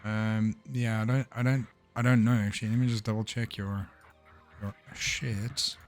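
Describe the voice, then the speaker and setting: A man's voice: fairly low pitch, little pitch movement, normal speed, soft background music. A young man as game master, narrating a tabletop game in a loose, upbeat way with plenty of fillers.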